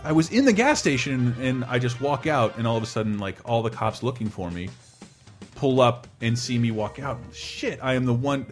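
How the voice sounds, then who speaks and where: Guy in his 30s rambling thru a crazy story on a podcast, laughs a lot, squeaky voices for quotes, faint music behind. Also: moderate pace. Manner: animated, laughing, acts out quotes in a high voice. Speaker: podcast co-host. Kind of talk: casual storytelling chat.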